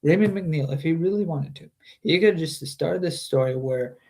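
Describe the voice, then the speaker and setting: A man's voice: on the high side, normal speed, gravelly, warm tone. A man reading a book aloud on a stream, chatting about the story between passages and often restarting his sentences. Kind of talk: casual book reading with commentary.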